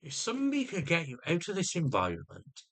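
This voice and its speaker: Guy ranting into his camera, bright sharp voice, keeps tripping over his words and starting again. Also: fairly high pitch, huge pitch swings, fairly quick. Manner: agitated, restarts and repeats words often. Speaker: vlogger. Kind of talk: venting monologue to camera.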